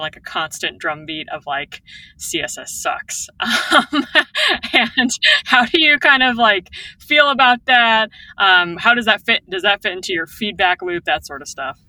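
A woman's voice: lowish voice, moderate pace, bright, forceful tone, no echo, low-quality recording. A woman hosting a podcast interview, asking questions in a casual way. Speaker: podcast host. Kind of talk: conversational interview.

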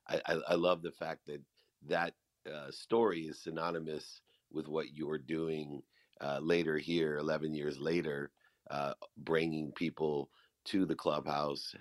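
A man from San Diego moderating a casual group chat, earnest and halting with fillers, speaking into a phone app. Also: a bass voice, dry recording, clean studio sound. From San Diego, California. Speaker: room moderator.

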